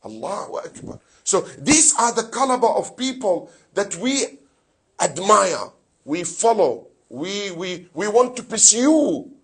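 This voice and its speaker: A man preaching a sermon with fervor, his voice high-pitched and noticeably husky. He throws rhetorical questions at his congregation and slips Arabic phrases and scripture recitation into his English. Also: fairly bright tone. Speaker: sheikh giving a Muharram lecture.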